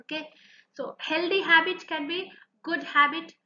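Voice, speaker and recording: An IELTS speaking tutor with an Indian English accent gives earnest exam speaking tips in an instructional video, repeating advice for emphasis. Her extremely high voice is bright and forceful, with fairly even intonation and a measured pace. The echoey room sounds slightly dull, with slight background noise.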